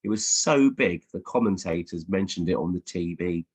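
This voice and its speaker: Chatty low-voiced man, slightly husky. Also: animated, moderate pace, a little mellow. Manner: chatty and playful, many ums and restarts. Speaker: children's author answering school questions. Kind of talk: casual virtual Q&A with reading aloud. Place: home office. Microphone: video call.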